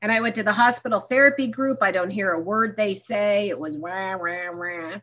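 A woman recounts her own story openly at a recovery meeting, performing recalled conversations with self-mocking wit. She speaks fairly quickly in a medium pitch with a fairly bright tone.

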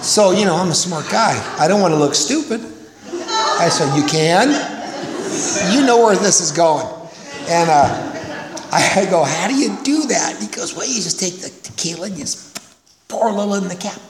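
A man's voice: high-pitched, expressive, moderate pace. An older man from California telling a rambling, self-mocking story to an audience, acting out the voices he quotes. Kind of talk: personal recovery story to an audience. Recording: echoey hall, faint noise.

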